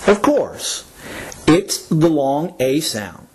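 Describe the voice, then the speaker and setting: Slow, lively American man teaching pronunciation. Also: on the high side, husky. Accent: North American. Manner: deliberate, exaggerated word stress for repetition. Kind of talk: slow scripted lesson narration.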